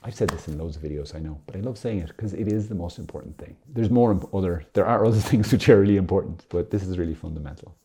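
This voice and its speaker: A man giving a casual video sermon as a Catholic preacher, animated and playful, swinging from loud emphasis to soft murmurs. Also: low-pitched, fast, few pauses, slight background noise. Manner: playful, laughing asides.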